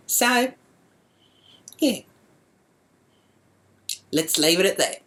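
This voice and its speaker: An Australian woman with a notably low, deep-set voice tells her story straight to camera. She rants with indignation and swears at nearly every turn, in the coarse manner of a comic vlogger. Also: big pitch swings, slow pace, pauses often, fairly bright tone.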